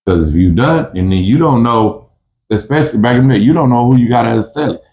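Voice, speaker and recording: A man's voice: medium pitch, expressive, quick pace, a little mellow, dull audio, a little hiss or hum. A man telling prison stories in casual talk, full of street slang and restarts, who acts out both sides of a fight in a raised voice. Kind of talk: casual storytelling.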